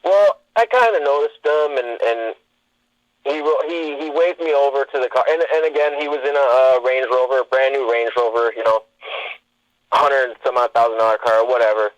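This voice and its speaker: A man's voice: mid-range voice, normal speed, no room sound. Rambling man telling stories, dry and dull sound. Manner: rambling, with many fillers and restarts. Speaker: podcast guest. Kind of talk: casual interview storytelling.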